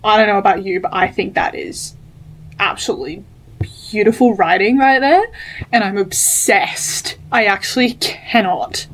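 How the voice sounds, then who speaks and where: A young woman talking to her camera at home in a casual reading vlog, excitable and gushing, swearing casually. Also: mid-range voice, slow pace, a little hiss or hum, rough recording. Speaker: book vlogger. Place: at home indoors. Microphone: camera mic.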